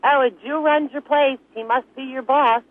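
A woman's voice: sits high, fairly even intonation, normal speed, no echo. A woman calling in to a radio show, arguing her point and repeating it with laughs in between. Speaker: caller. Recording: tinny phone line.

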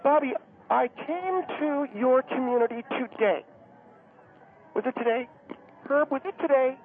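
A man voicing a gushing, nosy woman calling in to a radio show. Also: a little slow. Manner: gushing, breathless, shrill. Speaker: caller. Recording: tinny phone-line radio sound.

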